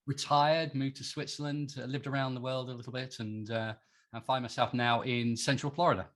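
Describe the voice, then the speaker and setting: A man's voice: mid-range voice, fairly even intonation, fairly quick, fairly bright tone. Chatty middle-aged British man. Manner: chatty, self-deprecating, laughs often, many restarts. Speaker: podcast guest, entrepreneur. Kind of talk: casual interview chat.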